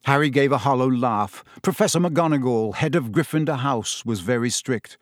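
In clean studio sound free of echo, a man of medium pitch narrates an audiobook in a measured and expressive storytelling style.

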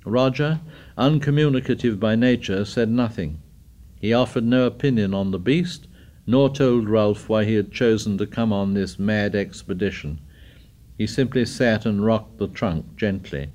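A man narrating a novel for an audiobook, measured and deliberate. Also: medium pitch, darkish tone.

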